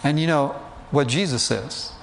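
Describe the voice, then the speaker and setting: A man's voice: fairly high pitch, a little slow, vocal fry, slight background noise. Chatty preacher man with a raised voice. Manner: chatty, asks the listeners questions, light humor. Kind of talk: conversational sermon.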